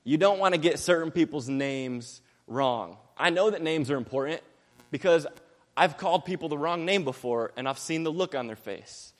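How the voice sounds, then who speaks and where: A young man preaching a sermon quickly and energetically, mixing in jokes and acted-out quotes. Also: fairly high pitch, animated, in a large hall.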